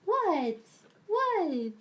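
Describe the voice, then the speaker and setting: A woman's voice: big pitch swings, extremely slow, dull audio. A young adult woman streaming, chatting casually with viewers in a rambling way and laughing often. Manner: switches to a high, cooing voice to talk to her pets.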